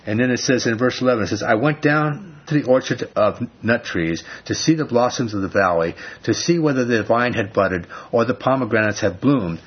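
A man's voice: mid-range voice, fairly quick, few pauses, breathy edge, lo-fi sound. A man giving a conversational Bible sermon as a pastor, chatty, with frequent asides.

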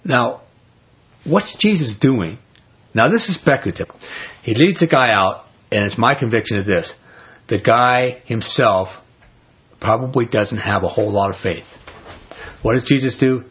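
A man's voice: medium pitch, expressive, moderate pace, breathy edge, dull audio. A man leading an informal Bible study. He retells scripture in everyday speech and keeps asking the group rhetorical questions.

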